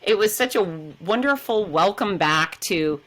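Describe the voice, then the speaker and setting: A middle-aged woman, a podcast guest and fitness expert, telling an energetic, expressive story. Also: unhurried. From lives in Florida. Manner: energetic, expressive, dramatizes quotes with big pitch jumps. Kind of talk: animated storytelling in conversation.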